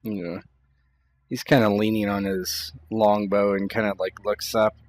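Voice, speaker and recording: A man playing a tabletop game, softly and hesitantly describing what his character does. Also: fairly low pitch, little pitch movement, measured pace, a little hiss or hum. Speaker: player.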